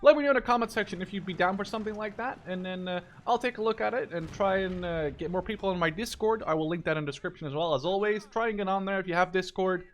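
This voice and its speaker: A man's voice: high voice, quick pace, few pauses. Chatty young man rambling over gameplay. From Netherlands. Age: 20s. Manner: rambling, chatty, swears casually. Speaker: gaming YouTuber. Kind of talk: casual gameplay commentary. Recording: faint game noise and artillery behind.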